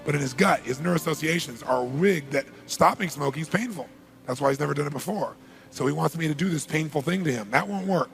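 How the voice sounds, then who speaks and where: A man's voice: on the high side, brisk, gravelly, faint music behind. A man giving an emphatic motivational talk at a seminar, telling a story and repeating key phrases for weight. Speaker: motivational speaker.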